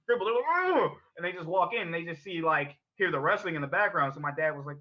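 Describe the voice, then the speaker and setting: A man's voice: a little high, animated, quick pace, sharp tone. A young man chatting casually as a podcast co-host, telling rambling, profane stories and laughing at them. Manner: profane, rambling storyteller who laughs at his own stories. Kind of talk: casual chat. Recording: dull lo-fi podcast audio.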